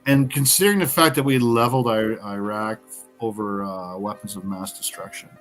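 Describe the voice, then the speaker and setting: A man from Canada, a podcast guest, talking bluntly in casual conversation with heavy swearing and sudden animated bursts. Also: on the low side, moderate pace, soft background music.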